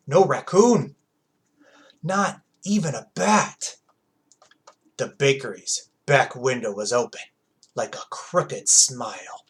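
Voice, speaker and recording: A man's voice: medium pitch, fairly bright tone, rough recording. A man reading as a hard-boiled cat detective. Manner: slow, dramatic hard-boiled storytelling. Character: streetwise cat detective narrating at night.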